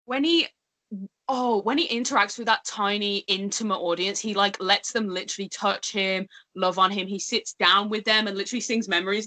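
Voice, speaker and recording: A young woman co-hosting a podcast who talks fast and gushes in excited casual chat, with lots of "like". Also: mid-range voice. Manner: gushing, fast, says "like" often. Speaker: podcast co-host.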